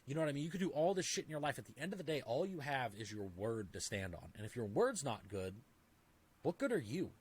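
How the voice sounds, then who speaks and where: A man with a husky, slightly mellow mid-range voice speaks fast in a sing-song way as a podcast guest. Casual and emphatic, he fills his talk with "like"s and frequently acts out short scenes in other voices.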